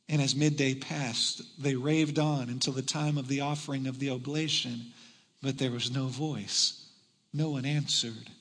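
A man preaching a sermon to a large congregation, retelling a story with dramatic swings between shouting and hushed tones. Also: fairly high pitch, long reverb tail. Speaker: pastor. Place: large church hall.

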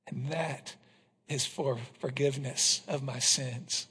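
A male pastor preaching a passionate sermon to his congregation, swinging from loud declarations to hushed, intense moments. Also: medium pitch, steady tone, slow, breathy edge. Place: church hall. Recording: reverberant hall.

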